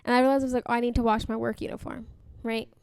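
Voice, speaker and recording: A young woman co-hosting a podcast, telling a story in an animated way, acting out quotes and laughing as she goes. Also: a little high, rapid-fire, clean tone, no room sound. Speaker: podcast co-host. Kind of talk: casual chat, animated storytelling.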